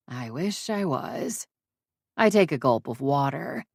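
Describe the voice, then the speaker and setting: A woman narrating a first-person romance audiobook in a measured, intimate way. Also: very deep voice, big pitch swings, slightly rough, dry recording, studio quality.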